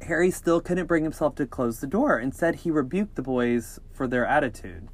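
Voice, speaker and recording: A man co-hosting a podcast, reading scary stories aloud with jokey, animated asides. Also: on the high side, moderate pace. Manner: jokey, animated, breaks into laughter and cheeky asides. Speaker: podcast co-host.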